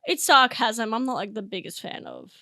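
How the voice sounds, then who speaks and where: A woman's voice: on the high side, big pitch swings, normal speed, pushed and bright, no echo, studio quality. A young woman hosting a comedy podcast, rambling and giggling through a monologue, teary from laughing. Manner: giggly, rambling, self-interrupting.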